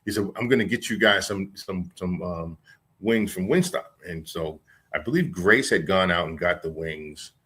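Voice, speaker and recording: A man guest in a casual interview, telling stories slowly and haltingly with restarts. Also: low-pitched, sharp tone, breathy edge. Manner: slow, halting storyteller with restarts. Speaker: guest, former security man.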